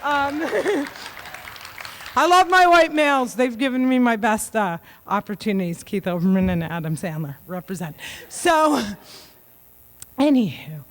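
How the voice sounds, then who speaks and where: High-voiced woman telling jokes. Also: animated. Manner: joking, self-mocking, quick punchlines. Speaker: keynote speaker. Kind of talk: comedic keynote speech.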